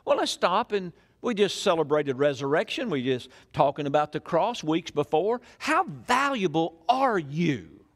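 A man's voice: on the high side, big pitch swings, unhurried, few pauses. An older man, preaching a sermon in a church in a folksy storytelling way full of questions to the crowd. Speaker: pastor.

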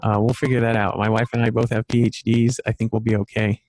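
A man's voice: lowish voice, flat delivery, fast talker, darkish tone. A man in his thirties hosting a casual podcast chat over a video call, rambling with many fillers and restarts. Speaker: podcast host.

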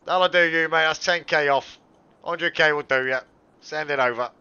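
A man's voice: on the high side, moderate pace, bright, forceful tone, clean tone, muffled recording. A man role-playing a car dealer, chatty salesman patter full of mate and buddy. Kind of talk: in-character role-play over game voice chat.

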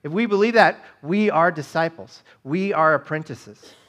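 A man's voice: fairly high pitch, normal speed, fairly bright tone. A man, a pastor, preaching a conversational sermon, often checking in with the congregation and asking rhetorical questions. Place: church.

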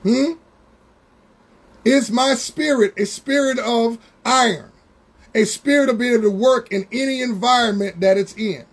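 Husky high-voiced preacher man. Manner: preaching with slow, drawn-out emphasis and call-outs to congregation members. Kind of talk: Bible study sermon.

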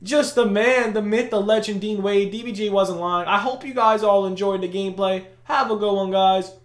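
Hyped young man yelling over gameplay. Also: high-pitched, normal speed. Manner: hyped, slangy, bursts into shouts of disbelief. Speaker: gaming YouTuber. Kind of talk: live gameplay commentary. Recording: echoey room.

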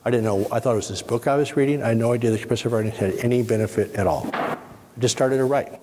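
A middle-aged man speaking to a workshop audience, guiding them through an exercise and explaining with calm, step-by-step instruction. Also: medium pitch, quick pace, background noise. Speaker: spine surgeon giving a workshop. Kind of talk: guided exercise and lecture to an audience. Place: conference hall. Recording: husky voice in a reverberant hall.

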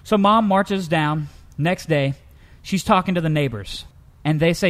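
A man co-hosting a comedic news-story show, telling tales in a lively, animated way. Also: a little slow. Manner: lively storyteller, jumps into high pitch for characters. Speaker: co-host.

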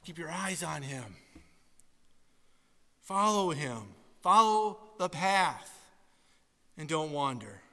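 Male pastor, animated preacher, high-pitched and very bright, recorded in a reverberant church sanctuary. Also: slow pace, pauses often. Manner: animated storytelling with sudden loud emphatic exhortations. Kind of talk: sermon.

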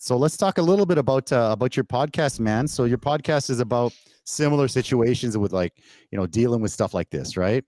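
A man from Canada hosting a casual interview, telling stories with animated energy and acted-out quotes. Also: mid-range voice, a little fast, no room sound. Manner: animated storyteller who acts out quotes with laughs. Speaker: podcast host. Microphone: remote call setup.

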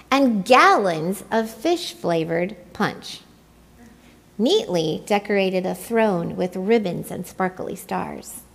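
A woman reading a children's picture book aloud in an expressive, playful way. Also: medium pitch, gravelly. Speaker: storyteller. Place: church.

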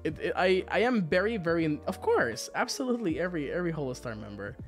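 A man chatting casually on a livestream, excitable and quick to laugh, swearing freely between thanks to viewers. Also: fairly high pitch, soft background music. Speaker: virtual idol streamer.

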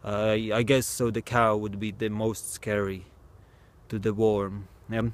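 A vlogger speaks in a lowish, unhurried, flat voice while trying out a small experiment outside at night. He sounds hesitant and curious, chatting casually and occasionally breaking into moos, barks and meows.

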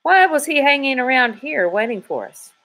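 A woman's voice: high voice, very animated, moderate pace, a bit bright, voice pushed up, heavily acted. A woman voicing a teasing, wisecracking male state trooper.

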